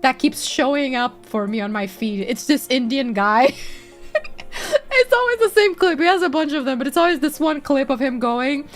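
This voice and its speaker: Lively, giggly woman streamer. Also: sits high, normal speed, faint music behind. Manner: giggly, sweary, expressive. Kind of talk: casual live-stream chat.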